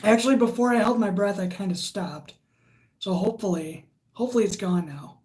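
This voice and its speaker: A woman's voice: mid-range voice, brisk, a little mellow. A woman hosting a casual livestream, reading viewer comments aloud and chatting in a rambling way. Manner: chatty and rambling, with frequent fillers. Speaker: livestream host.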